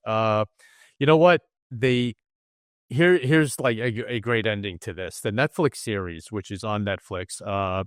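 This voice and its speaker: Male host, low voice, dry close mic, eager and chatty. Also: smooth, no echo. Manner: enthusiastic, rambling with fillers. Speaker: podcast host. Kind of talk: casual interview chat.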